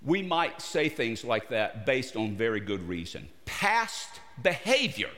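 A male pastor preaching a sermon in short phrases, pausing often and putting questions to his listeners. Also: mid-range voice, sing-song, fairly bright tone. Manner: broken into short phrases with pauses. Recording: long reverb of a large hall.

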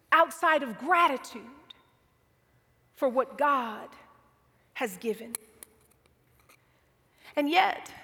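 A woman preaching a sermon with slow, dramatic delivery that sinks to soft whispers. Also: high-pitched, long reverb tail.

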